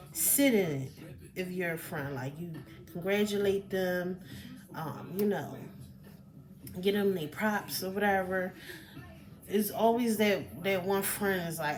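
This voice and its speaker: A woman talking casually to camera as a personal development coach, chatty and expressive, with many fillers. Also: mid-range voice, takes it slowly, long pauses. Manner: chatty and expressive, with fillers, acts out quoted remarks.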